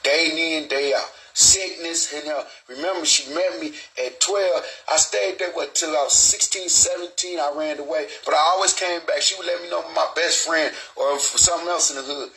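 A man's voice: a little high, normal speed, creaky, few pauses, sharp tone, faint music behind, poor audio. A middle-aged man hosting a live online show, talking in a rambling, streetwise way and swearing freely. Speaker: show host. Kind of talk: casual live stream talk.

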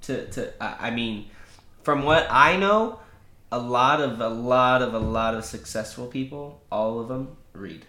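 A man co-hosting a podcast in casual chat, playful and quick to laugh, often trailing off mid-sentence. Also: mid-range voice, pushed and bright, echoey room. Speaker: podcast co-host.

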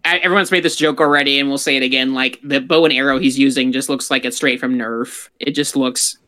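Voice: medium pitch, fairly even intonation, quick pace, pushed and bright. A podcast co-host in casual pop-culture chat, rambling and opinionated, full of fillers.

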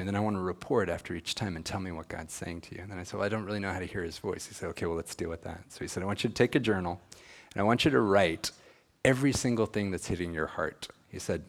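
A man's voice: sits low, gravelly. A middle-aged man giving an earnest personal testimony, acting out the dialogue he recalls. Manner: earnest storytelling, acts out quoted dialogue. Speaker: speaker at a church gathering.

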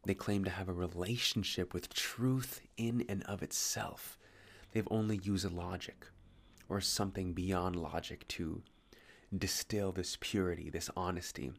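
A man speaks in a very low, gravelly voice, tired and slightly slurring his words. He rambles through a late-night philosophical monologue, musing, pausing and correcting himself as he goes. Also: fairly even intonation.

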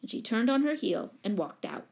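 A woman reading a children's novel aloud in a calm, even storytelling voice. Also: on the high side, normal speed. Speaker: audiobook reader.

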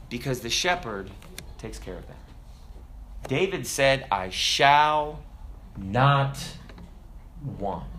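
Bright, forceful preacher man. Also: on the high side, a little hiss or hum. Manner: conversational, animated storytelling with asides to listeners. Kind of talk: sermon.

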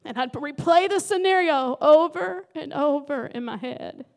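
High-voiced woman pastor preaching. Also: measured pace. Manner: emotional, dramatic storytelling with sudden loud emphasis. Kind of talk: sermon.

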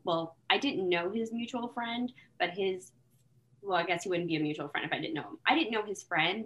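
Rambling woman guest with a low voice. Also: dull audio. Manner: rambling, animated storytelling with many fillers. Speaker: podcast guest. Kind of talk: casual podcast chat.

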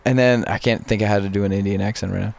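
A man's voice: on the low side, steady tone, racing, vocal fry, darkish tone. A man from Wyoming, co-hosting a casual chat, who tells stories with frequent laughs and restarts. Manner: laughs often, storytelling with restarts. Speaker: podcast co-host.

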